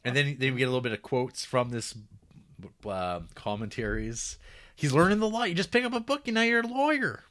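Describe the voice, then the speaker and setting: A man's voice: medium pitch, lively intonation, brisk, a bit bright. A man co-hosting a podcast, chatting casually about a film, joking and laughing often. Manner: jokey, laughs often, breaks into goofy impressions. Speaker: podcast co-host. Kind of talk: casual film review chat.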